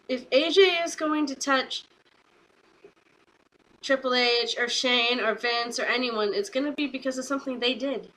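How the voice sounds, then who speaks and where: Still recovering from a cold, a young woman with a fairly high voice casually recaps a wrestling show, peppering her talk with "like" and excitedly retelling scenes. The recording is rough.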